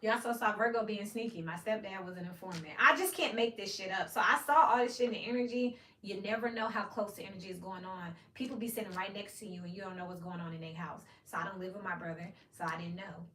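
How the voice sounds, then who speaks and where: A woman's voice: medium pitch, quick pace, few pauses, far from the mic. A blunt, profane woman with a drawl talks her way through a tarot reading and slips into the voices of the people she describes. She sounds a bit away from the mic in an echoey room, with a faint hiss behind her. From Memphis, United States. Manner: blunt, profane, animated, acts out quoted voices. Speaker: tarot reader. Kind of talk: casual tarot reading monologue.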